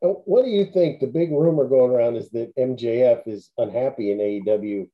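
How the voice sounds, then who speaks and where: A man's voice: medium pitch, brisk. A man hosting a casual chat, giving opinionated, casually profane takes on wrestling gossip. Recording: dull lo-fi audio.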